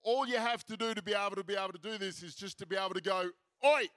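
An Australian man with a high, bright, forceful voice leads a lively faith seminar from a festival stage. He is jokey and rousing, drawing the crowd into call-and-response and repeating his key lines for effect. The sound is dry and close, with hardly any room echo. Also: very fast. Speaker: seminar speaker. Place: festival stage before an audience.

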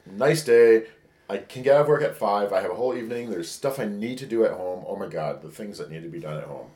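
A man with a fairly low voice tells a candid, rambling story in a casual podcast chat and acts out the lines of each text he quotes. His voice rings around a roomy, echoey space. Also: lively intonation, fast talker, darkish tone. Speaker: podcast co-host. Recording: echoey room.

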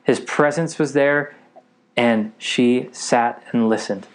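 A man's voice: mid-range voice, slow pace. A man preaching a sermon with eager energy, reading scripture and often checking that his listeners are following. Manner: eager, keeps checking in with the audience.

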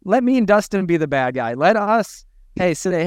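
Yeah a fired-up guy on a business podcast, bit high voice, acts out the quotes. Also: sing-song, normal speed, smooth, no echo, studio quality. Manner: emphatic, preachy, acts out quotes. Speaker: podcast co-host, gym owner. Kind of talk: energetic business podcast talk.

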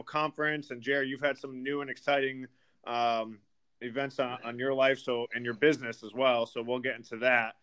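A man's voice: mid-range voice, clear, resonant tone. A man co-hosting a podcast in casual chat, friendly and steering the conversation. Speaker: podcast co-host.

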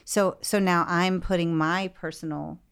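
A woman's voice: lowish voice, fairly even intonation, measured pace, gravelly, clear, resonant tone. Woman music therapist, explaining plainly. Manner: explanatory, acts out therapy dialogue in quotes. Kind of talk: podcast interview conversation.

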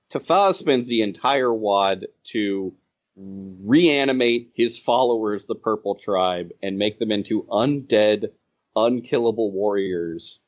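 A man telling stories from running his game in a casual podcast chat, animated and laughing as he goes. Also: lowish voice. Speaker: game designer and organizer. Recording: slightly dull, lo-fi audio.

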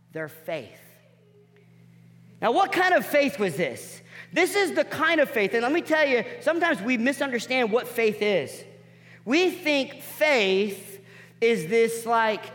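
A male pastor preaching a sermon, acting out the people in the story with quick voice changes and dropping to quiet emphasis on key points. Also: high-pitched. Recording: long hall reverb.

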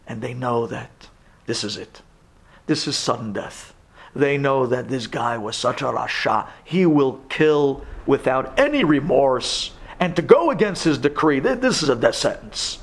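A man's voice: mid-range voice, lively intonation, measured pace, slightly rough. A man, a rabbi, tells a sermon story with drama, dropping to whispers at tense moments.

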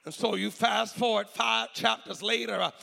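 A man preaching a sermon, shifting between a low, intimate delivery and shouted, sing-song whooping, with "uh" filling his pauses. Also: fairly even intonation, vocal fry, in a large hall. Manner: fills pauses with "uh". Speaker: pastor.

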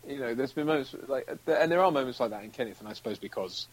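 A British actor talks loosely in a relaxed interview, wandering from thought to thought and acting out little quotes. His voice has a husky, slightly breathy edge, at a middling pitch for a man. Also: fast talker, rough recording. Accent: British English. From United Kingdom. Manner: rambling, acts out quotes, laughs often. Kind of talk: casual interview chat.

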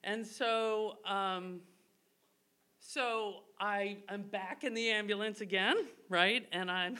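A woman's voice: medium pitch, fairly even intonation, takes it slowly, bright, forceful tone. A woman telling a funny personal story live on stage, chatty and self-mocking, laughing as she goes. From Irish family. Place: live stage show before an audience.

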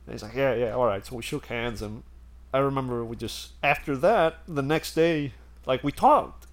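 A man's voice: mid-range voice, normal speed. A man telling a story in casual chat, rambling and laughing as he goes.

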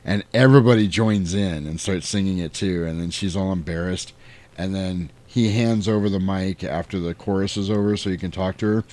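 A man's voice: sits low, fairly quick. A man co-hosting a podcast, casually recapping a film scene by scene and acting out the lines with some swearing. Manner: animated retelling, acting out quotes, swearing. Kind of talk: casual chat.

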